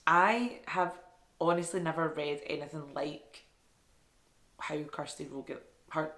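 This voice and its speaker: Chatty low-voiced woman reviewing books. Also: slow, a bit bright. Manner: chatty, self-deprecating, enthusiastic. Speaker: book reviewer. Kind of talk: casual book review vlog. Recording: echoey room.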